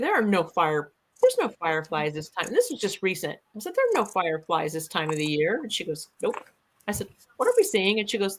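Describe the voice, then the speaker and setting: Bright-voiced woman telling a story. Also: medium pitch, low-quality recording. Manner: animated, acts out quoted voices. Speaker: guest. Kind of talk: casual storytelling.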